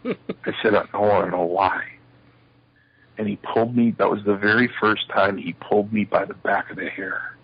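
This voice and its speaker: A husky, low-voiced man, the guest in a shoot interview, tells stories at a moderate pace and animatedly performs the quoted dialogue. The audio is dry, lo-fi, and a little muffled.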